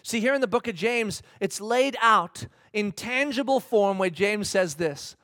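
With a voice that sits high and lively intonation, this pastor speaks at a measured pace with few pauses and a sharp tone. He preaches energetically, performing mock-voiced exchanges and questioning the congregation, in studio-quality audio without echo.

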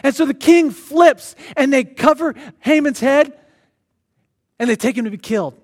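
A man preaching a sermon, animatedly retelling a scripture story and reading passages aloud in a slower, quieter voice. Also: very high-pitched. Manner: animated storyteller who acts out the characters.

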